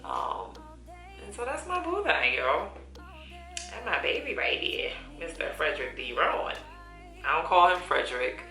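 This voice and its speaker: A woman's voice: deep voice, huge pitch swings, normal speed, sharp tone. A woman in her thirties chatting casually while doing her makeup, laughing often and using folksy slang. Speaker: beauty vlogger. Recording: echoey room with faint music.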